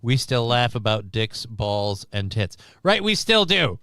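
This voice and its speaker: A man's voice: medium pitch, very animated, a little slow, bright, forceful tone, clean tone, no room sound, studio quality. A man co-hosting a casual stream, joking crudely and swearing often, with a voice that tends to crack. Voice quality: voice prone to cracking. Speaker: stream co-host. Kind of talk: casual chat.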